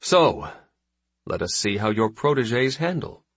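A man's voice: fairly low pitch, big pitch swings, slightly rough, no echo, full character voice. Man doing a wry veteran fleet admiral. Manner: measured, wry. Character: seasoned male fleet admiral, dry wit.

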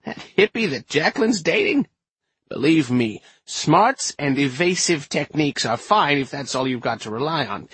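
A man's voice: a little high, very animated, normal speed, a bit bright, breathy edge, no echo, voice pushed up, full character voice. A man voicing a feisty, blunt old woman witch in an audiobook, scornful and bossy. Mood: gruff, scornful.

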